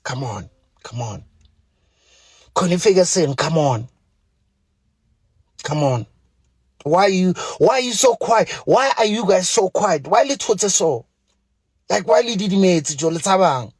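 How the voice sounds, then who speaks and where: A man's voice: sits high, lively intonation, unhurried, long pauses, slightly rough, dry recording. A man with a South African accent ranting angrily to camera, profane and pleading by turns. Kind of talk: angry direct-to-camera rant.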